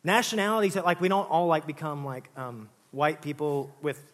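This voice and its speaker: A pastor preaching a sermon in a conversational, joking way, often saying "listen" and "all right". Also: male voice, a little high, expressive, normal speed.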